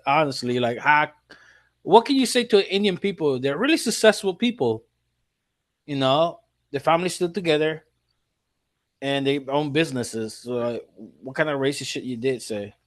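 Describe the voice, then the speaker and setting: A man in a casual talk show, animated and incredulous, cursing as he reacts. His voice sounds dry and close, with little room sound. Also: a little high, normal speed, no echo. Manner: animated, swears freely, incredulous. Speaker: podcast co-host. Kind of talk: casual chat.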